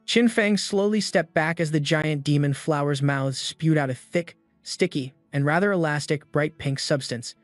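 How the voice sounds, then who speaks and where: A man's voice: on the high side, moderate pace, hardly any pauses, no echo. A man steadily reading a scripted story recap. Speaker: narrator. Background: faint background music.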